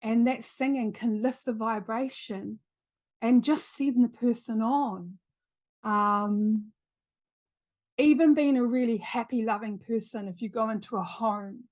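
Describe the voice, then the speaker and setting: This podcast guest is a middle-aged woman with a New Zealand accent and a slightly mellow voice on the high side. She tells a story earnestly in an interview, stressing points by repeating phrases.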